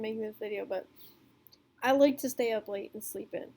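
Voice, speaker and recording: A woman's voice: high voice, moderate pace, a little mellow. A young woman telling a storytime vlog to camera in a rambling, casual way, full of fillers, swearing and laughter. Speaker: vlogger.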